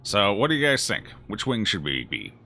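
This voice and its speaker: A man's voice: fairly low pitch, wildly swooping pitch, normal speed, vocal fry, sharp tone. A man streaming a game, chatting casually and jokingly as he reacts aloud to his chat. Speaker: gaming streamer. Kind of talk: casual let's-play commentary answering chat.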